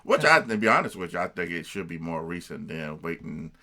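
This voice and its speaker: Very deep-voiced bright sports co-host, a man. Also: big pitch swings, fairly quick. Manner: agreeable, chatty, casual fan talk. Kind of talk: sports talk show.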